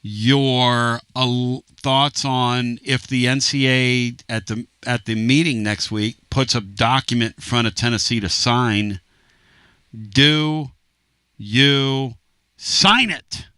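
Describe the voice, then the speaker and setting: A man hosting a sports talk radio show, animated and rambling with quick asides and jokes. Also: medium pitch, smooth, no room sound. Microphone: studio microphone.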